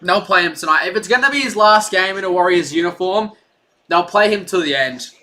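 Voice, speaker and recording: Man, high voice, bright, casual rambling stream commentary, lots of fillers. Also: brisk, slight background noise. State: out of breath. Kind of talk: casual live play-by-play stream.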